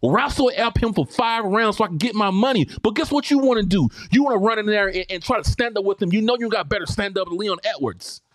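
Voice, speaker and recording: Heated, high-voiced man in his forties. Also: animated, fast talker, few pauses, dry recording, studio quality. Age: 40s. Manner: heated, loud, emphatic. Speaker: podcast co-host. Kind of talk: casual sports debate.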